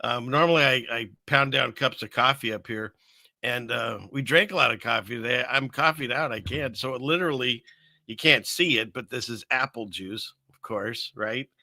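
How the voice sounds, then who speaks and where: A man's voice: mid-range voice, moderate pace, pushed and bright, dry recording. An older man hosting a casual live stream, rambling and joking at himself with lots of fillers and restarts, from a small room at his computer. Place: small upstairs room above a fireplace.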